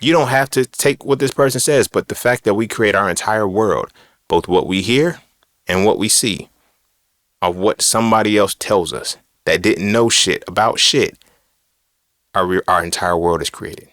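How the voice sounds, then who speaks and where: Low-voiced blunt preachy man. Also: moderate pace, a bit bright, no room sound, clean studio sound. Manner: blunt, profane, preachy and rhetorical. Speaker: podcast host. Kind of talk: casual monologue on philosophy and religion.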